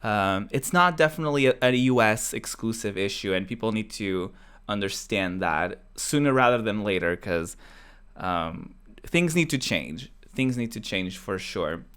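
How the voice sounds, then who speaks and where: A man's voice: on the low side, lively intonation, measured pace, fairly bright tone, clear, resonant tone. A young man from Portugal hosting a casual chat show, talking in a rambling way with many fillers and restarts. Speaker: podcast host.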